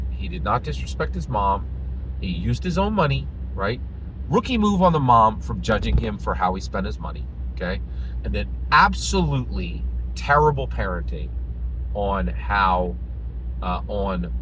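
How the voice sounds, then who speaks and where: A man's voice: on the low side, a little hiss or hum, low-quality recording. A man from the United States telling a story in a casual, emphatic rant, acting out the people in it and often asking "right?". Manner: animated, emphatic, acts out quoted voices, keeps asking "right?". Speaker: commentary vlogger.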